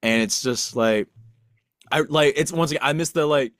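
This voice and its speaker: This podcast co-host is a young man with a slightly high, somewhat bright voice at a normal pace, captured in echo-free studio quality. He talks casually and ramblingly, pokes fun at himself, and leans on restarts and filler words.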